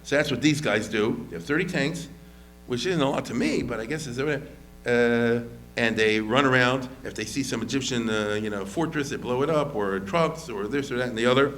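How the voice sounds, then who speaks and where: This is a rabbi's informal history lecture, told conversationally by a man with a mid-range voice at a moderate pace. He stumbles into frequent restarts and fillers and acts out quotes vividly. A slight hiss or hum sits under the audio.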